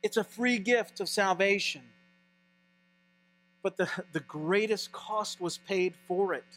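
A male pastor preaching a sermon in an animated, conversational way. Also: high voice, slow, soft background music.

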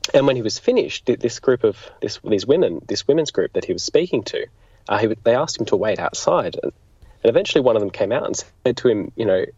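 A low, husky male voice talks through a political life story at an easy conversational pace, pausing and rephrasing as he thinks. The recording is dry and dull, like a modest lo-fi setup. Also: darkish tone, no room sound. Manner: thoughtful, explanatory, with frequent restarts. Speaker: interview guest, political biographer. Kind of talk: conversational history interview. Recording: dull lo-fi sound.

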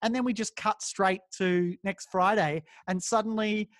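A man's voice: high voice, steady tone, normal speed, a bit bright, no room sound, clean studio sound. A man co-hosting a podcast, casually discussing a film and enthusiastically retelling scenes. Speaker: podcast co-host.

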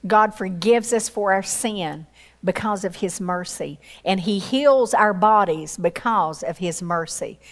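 A woman preaching a sermon with passion, acting out quoted voices and rising to high exclamations. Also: measured pace. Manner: acts out quoted voices in her storytelling.

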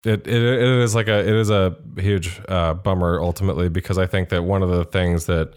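A man's voice: low-pitched, fairly even intonation, brisk, clear, resonant tone. A man co-hosting a political podcast, rambling with lots of fillers and swearing. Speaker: podcast co-host. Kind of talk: casual political chat.

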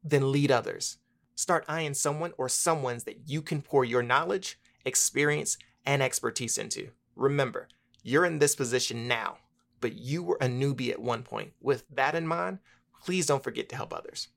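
A man's voice: mid-range voice, moderate pace, vocal fry, a bit bright. A man from Washington, D.C. co-hosting a motivational podcast, building his points in rhythmic lists of parallel phrases. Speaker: podcast co-host. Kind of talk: casual motivational podcast chat.

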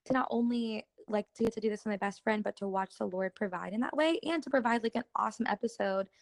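A woman's voice: mid-range voice, fast, creaky, dry recording. A young woman co-hosting a faith podcast, talking in an earnest, chatty way full of "like". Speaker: podcast co-host. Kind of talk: casual faith podcast chat.

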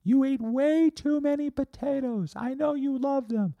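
A squeaky falsetto delivery guy who scolds. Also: a little slow, mellow, no echo, dull audio. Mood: scolding. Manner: lecturing and scolding. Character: preachy male delivery driver with a scale.

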